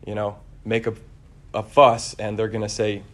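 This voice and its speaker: A man preaching a conversational homily, relaxed and searching, with frequent fillers and restarts. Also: fairly low pitch, normal speed.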